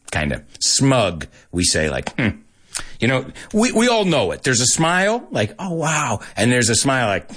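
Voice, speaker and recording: A man teaching English to Spanish speakers in a casual, animated show, acting out lines and then translating them. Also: on the low side, husky. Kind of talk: bilingual language lesson, casual and animated.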